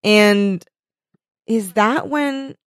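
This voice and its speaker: A woman's voice: mid-range voice, drawn-out words, clear, resonant tone, no echo, clean studio sound. A woman co-hosting a podcast, recapping a TV episode in casual chat, full of ums and likes and casual swearing. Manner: chatty, lots of fillers like um and like, swears casually. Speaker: podcast co-host.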